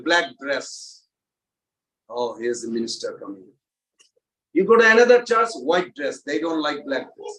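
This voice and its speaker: A man teaching a devotional class in a temple, animated and asking the audience questions. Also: high voice, echoey room, far from the mic, rough recording. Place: temple hall, indoors.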